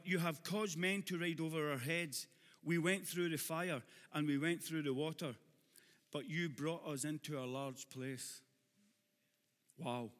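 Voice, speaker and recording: A Glaswegian man preaching a sermon in a church hall, his voice high and bright. He mixes joking asides to the congregation with passionate, shouted calls. The sound carries a long hall reverb. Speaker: pastor.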